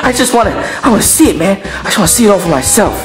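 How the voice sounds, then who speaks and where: A loud, excitable male skeleton with a high, bouncing voice, as a man puts him on. He is boastful and naive, and talks in a brash, slangy way, throwing "man" and "boy" into everything. This is a comedy puppet sketch. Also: racing, reverberant, over music. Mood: excited.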